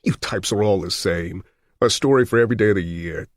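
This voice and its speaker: A man's voice: lowish voice, a little fast, dry recording, studio quality, natural voice. A man voicing a sneering, threatening police officer in an audiobook reading. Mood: mocking. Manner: contemptuous, threatening. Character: sneering gruff male cop.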